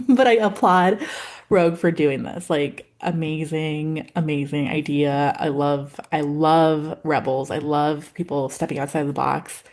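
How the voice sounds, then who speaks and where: A woman's voice: low-pitched, little pitch movement, a little slow, few pauses, a little mellow. A woman vlogger chatting casually about nail polish, rambling with lots of fillers and openly emotional.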